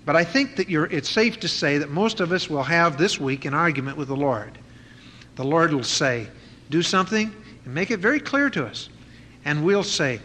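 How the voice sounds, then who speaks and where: A man preaches in a bright, fairly high voice, talking through the text in a conversational way with frequent fillers and restarts. His voice rings with the long reverb of a large hall, over a faint background hiss. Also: sing-song, normal speed. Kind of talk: expository sermon.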